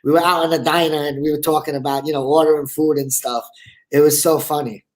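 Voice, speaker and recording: A man's voice: on the high side, steady tone, fast talker. Chatty Brooklyn man on a video call. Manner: rambling and talkative, full of 'you know' and 'like'. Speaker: guest actor and comedian. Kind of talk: casual live interview chat.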